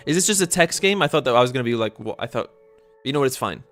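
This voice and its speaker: A man's voice: mid-range voice, animated, very fast, a bit bright, faint music behind. A man streaming live gameplay, making casual, sarcastic asides while reading a text game. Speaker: streamer playing games.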